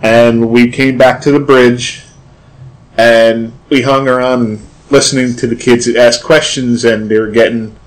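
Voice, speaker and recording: A man guesting on an interview in a shop, telling his anecdotes in a chatty, meandering way. His voice sits at an average pitch. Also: little pitch movement, measured pace, poor audio. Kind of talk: anecdotal storytelling. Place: shop, indoors.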